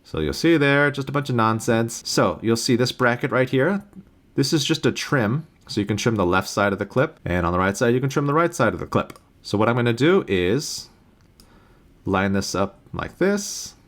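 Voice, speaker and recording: A man teaching how to use music recording software in a plain, practical screen-recorded tutorial, recorded on a USB interface mic. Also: medium pitch, animated, moderate pace. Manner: plain, practical explaining with sung beep demos.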